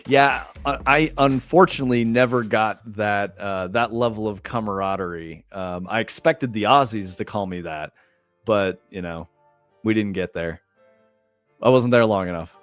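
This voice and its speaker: Low-voiced American man, casual streamer. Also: moderate pace, fairly bright tone. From United States. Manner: loose, rambling, filler-heavy, profane. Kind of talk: casual storytelling on a livestream. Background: faint music.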